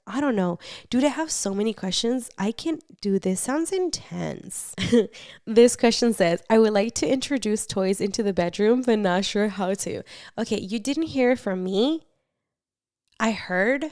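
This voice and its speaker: A young woman hosting a casual advice podcast, chatty and animated, reading confessions and swearing casually. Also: mid-range voice, smooth, no room sound, studio quality. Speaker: podcast host.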